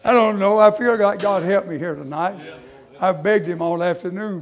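His pitch high and his pace moderate, the man preaches his own testimony with fervent sermon rhythm, full of "uh" and "amen," alternating between hushed confessing and shouting.

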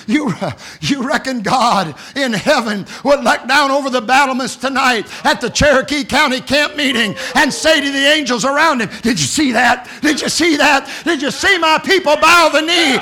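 A man preaching a revival sermon at a camp meeting, swinging from hushed pleading to shouted exclamations. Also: very high voice, normal speed, hardly any pauses.

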